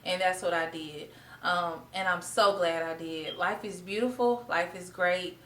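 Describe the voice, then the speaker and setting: A woman's voice: lowish voice, steady tone, unhurried, a bit bright, rough recording. A young woman vlogging to camera, a former teacher telling her story in a heartfelt, chatty way. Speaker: vlogger, former middle school art teacher. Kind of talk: casual talk to camera.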